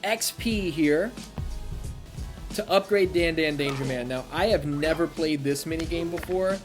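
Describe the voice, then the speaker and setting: A man commentating his own video game playthrough, excitable and profane, shouting at big moves, with game music behind. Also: a little high, measured pace. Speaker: gaming youtuber. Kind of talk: let's-play commentary.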